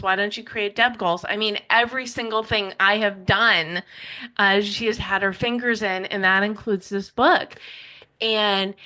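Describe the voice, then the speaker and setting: A woman speaks as an interview guest in a bright, forward voice. She is reflective and heartfelt, and her sentences run on quickly with frequent restarts. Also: mid-range voice, low-quality recording. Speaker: podcaster and writer, interview guest. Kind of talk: heartfelt conversational interview answers.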